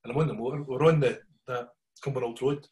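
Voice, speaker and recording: A middle-aged man with a Glaswegian Scottish accent telling stories in casual chat, animated and always checking in with his listeners. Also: medium pitch, fast. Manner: animated yarn-spinning, keeps checking in with listeners.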